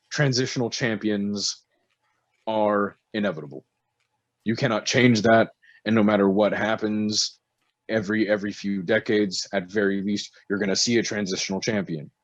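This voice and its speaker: A man's voice: fairly low pitch, dry recording, dull audio. Laughing, cursing man on a podcast. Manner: profane, laughing, animated storytelling. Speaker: podcast co-host. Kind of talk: casual wrestling chat.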